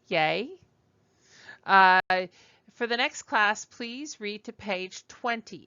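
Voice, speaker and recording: A woman teaching a French class, slow and patient, modeling sounds for students to repeat. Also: medium pitch, pushed and bright, clear, resonant tone, no echo, dull audio. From United States. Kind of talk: classroom lesson.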